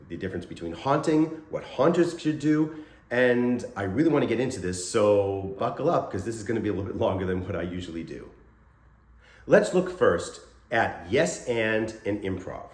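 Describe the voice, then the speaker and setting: Male scare actor, casual teacher, lowish voice, animated, jumps into quick acted lines; echoey room. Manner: animated, acts out short scene lines in a raised voice. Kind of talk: casual instructional talk to camera. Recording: roomy echo.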